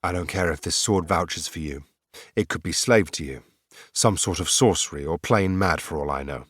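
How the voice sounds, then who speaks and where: Warrior empress, stern and tired, clipped orders, male narrator doing her, deep dry voice. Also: moderate pace, a bit bright, breathy edge, no room sound. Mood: curt. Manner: curt, commanding.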